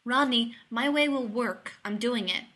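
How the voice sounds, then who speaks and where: A woman voicing a laid-back male pilot who talks in a slow drawl. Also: a little high, bright, forceful tone. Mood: firm.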